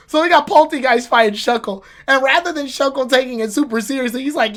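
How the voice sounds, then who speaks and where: Chatty woman doing a casual episode review, kinda high voice, swears, restarts a lot. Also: fairly quick, few pauses, fairly bright tone. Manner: rambling and opinionated, with swearing and restarts. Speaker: anime reviewer.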